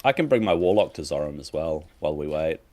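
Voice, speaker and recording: A man's voice: rumbling low, expressive, fast, a little mellow. A man chatting casually with friends in a gaming voice chat, easygoing and chiming in. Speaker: guildmate in voice chat.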